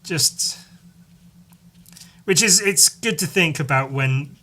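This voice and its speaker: A man hosting a solo podcast, rambling in casual chat, swearing freely and filling pauses with "like" and "um". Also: on the high side, lively intonation, bright, forceful tone. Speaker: podcast host.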